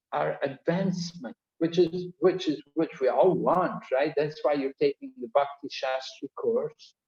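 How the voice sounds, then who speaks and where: A man's voice: a little high, a little mellow. A man teaching an online course, explaining points earnestly and repeating key phrases. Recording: echoey, dull-toned video call audio.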